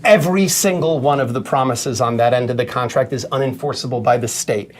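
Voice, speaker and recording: A man with a New York accent, speaking as an attorney guest in a conversational podcast discussion. He tells animated stories with a sarcastic edge. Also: mid-range voice, fairly quick. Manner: animated, sarcastic storyteller who acts out quotes.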